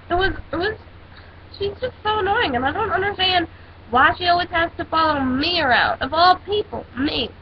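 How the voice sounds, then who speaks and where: A teenage girl ranting in a casual vlog, telling a story in a sassy, dramatic way. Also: high-pitched. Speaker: vlogger. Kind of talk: casual rant. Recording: dull lo-fi with faint hiss.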